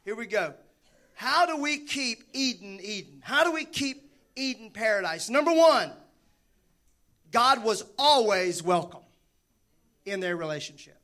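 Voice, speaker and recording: A man preaching with a high, bright voice. He is animated and jokes with his listeners as he works through his sermon. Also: unhurried, long pauses. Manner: animated, joking with the congregation. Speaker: pastor.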